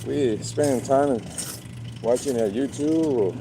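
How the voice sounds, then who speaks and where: Slow, rambling man with street noise. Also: medium pitch. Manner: rambling, repeats words, many fillers. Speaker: livestream host. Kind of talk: casual live-stream monologue.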